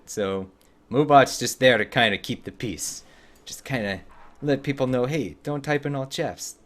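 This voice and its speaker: A relaxed man talks casually through a game on a live stream, answering viewer chat as he plays. His voice sits fairly low.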